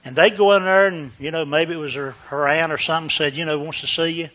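A male preacher telling a story in a sermon, animated and laughing, swinging between loud and hushed. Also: a little high, quick pace.

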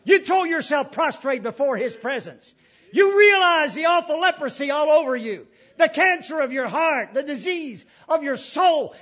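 A man with a high, ringing voice delivers a sermon. He presses his points with repeated rhetorical questions and moves between loud emphasis and near-hushed delivery. The recording sounds dull and muffled. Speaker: preacher.

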